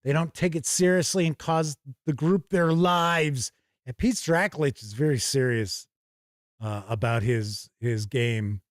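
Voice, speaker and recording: A medium-pitched man speaking a little slowly hosts a casual, chatty live stream. He reads out viewer chat comments and responds off the cuff, in a dry recording with clean studio sound.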